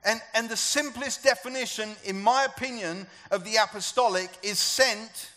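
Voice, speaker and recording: A man's voice: high-pitched, normal speed, sharp tone. A man preaching a sermon to a church gathering, talking conversationally and asking the congregation questions. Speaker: pastor.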